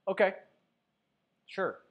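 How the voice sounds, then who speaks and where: A man's voice: takes it slowly, muffled recording. A man hosting a casual sports livestream, reading viewer comments aloud and chatting loosely, with plenty of fillers. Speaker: sports show host. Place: Denver.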